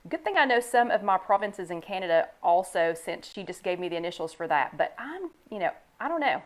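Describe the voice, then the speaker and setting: An older woman hosts a casual live stream from home, talking into a desk microphone. She is chatty and relaxed, greeting viewers by name and reading their comments aloud. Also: medium pitch, fairly quick. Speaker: host of a live online chat. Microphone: new desk microphone.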